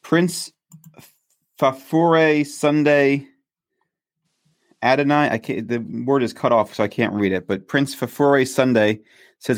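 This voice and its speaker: A man hosting a live stream, praying for viewers and reading their messages in an earnest, steady way. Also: medium pitch, slow, pauses often.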